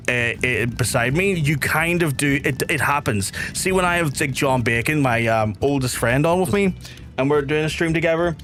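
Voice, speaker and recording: A man from Belfast with a softened Belfast accent, streaming a game and chatting casually with viewers in a rambling way, repeating phrases and swearing now and then. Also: mid-range voice, a little hiss or hum. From Belfast, Northern Ireland. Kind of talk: casual livestream chat with viewers.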